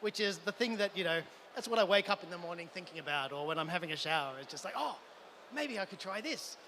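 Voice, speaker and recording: A man's voice: fairly high pitch, fairly even intonation, rapid-fire, pushed and bright, slight background noise. An Australian man giving a live conference talk, enthusiastic and full of stammering restarts. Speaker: conference speaker. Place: event hall.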